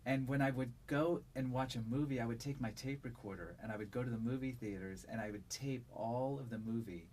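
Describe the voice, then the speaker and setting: A man's voice: medium pitch, a little fast, slight background noise. Resonant-voiced male audiobook narrator. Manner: relaxed, thoughtful, with frequent fillers. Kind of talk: conversational interview.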